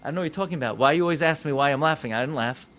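A man's voice: fairly high pitch, very fast, a bit bright, pitched below the performer's own voice, close to an everyday voice. A man voicing an elderly biblical matriarch who flusteredly protests that she didn't laugh. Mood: defensive.

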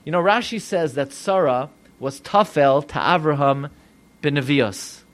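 A rabbi preaching a sermon, animated and full of rhetorical questions to his listeners. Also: on the high side, unhurried.

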